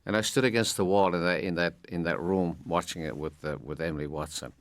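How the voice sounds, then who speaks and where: An older man from Ireland giving an audio commentary, halting and repeating words as he recalls his past. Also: deep voice, no echo. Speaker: film commentator.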